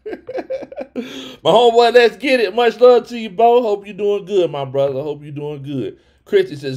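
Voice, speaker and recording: Animated man hosting a sports stream. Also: high voice, a little slow. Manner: animated, laughs often, frequent restarts and stammers. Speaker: sports vlog host reading live chat. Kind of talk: excited casual livestream chat.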